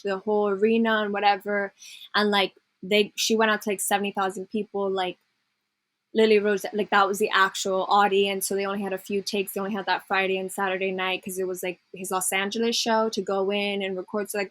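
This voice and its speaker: A woman's voice: medium pitch, no room sound. Rambling young woman podcast co-host. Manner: rambling, filler-heavy, profane. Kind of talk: casual chat recapping a TV show.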